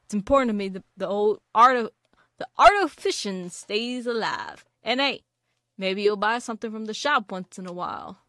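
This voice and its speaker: A woman voicing a gruff old male fisherman with a hearty, pirate-like drawl, for a video game. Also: medium pitch, animated, normal speed, pushed and bright, no room sound.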